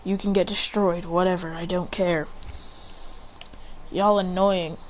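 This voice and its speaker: A woman's voice: lowish voice, level tone, measured pace, natural voice. A woman voicing an aloof, rule-breaking teenage boy ninja who talks in a dismissive, bored drawl. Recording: slightly muffled with faint hiss.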